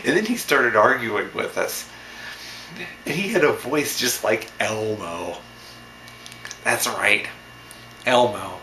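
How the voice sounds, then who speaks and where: A man vlogger tells a story in a loose, rambling way, circling back with repeats and restarts while sounding amused. His voice rises and falls animatedly and has a bright edge. The sound is echoey, with a faint ambient hiss underneath. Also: on the low side, animated, slow pace, pauses often. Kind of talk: casual storytelling.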